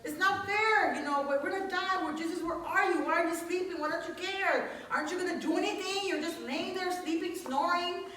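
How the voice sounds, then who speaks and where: A woman's voice: very high voice, fairly quick, hardly any pauses, bright, forceful tone, recorded from a distance, a little hiss or hum, voice pushed up. A woman preacher voicing frightened disciples panicking in a storm, frantic and pleading. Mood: panicked. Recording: echoey church hall from afar.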